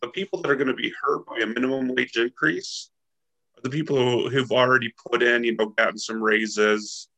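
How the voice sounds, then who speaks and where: A man with a gravelly, creaky voice at a mid pitch joins a casual podcast chat. He gives his view in a measured way, thinking aloud in short phrases. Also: fairly even intonation, sharp tone, low-quality recording. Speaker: podcast guest.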